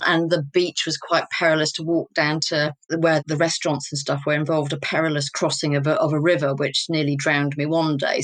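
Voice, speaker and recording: A woman's voice: deep voice, no room sound. An English woman in her fifties, a guest telling personal stories openly and reflectively in an interview. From England. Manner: open, personal storytelling. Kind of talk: candid, reflective interview talk.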